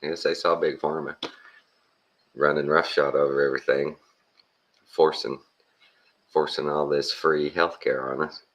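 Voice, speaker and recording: A man's voice: a bass voice, level tone, measured pace, long pauses, fairly bright tone. A man from Texas with a Texan accent, talking in a blunt, plainspoken, rambling monologue full of folksy slang. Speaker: vlogger.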